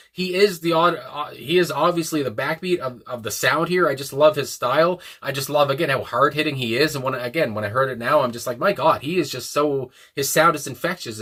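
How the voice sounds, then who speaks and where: A man's voice: mid-range voice, pushed and bright. A man casually reviewing a song, rambling and enthusiastic, with many fillers and restarts. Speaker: music reviewer.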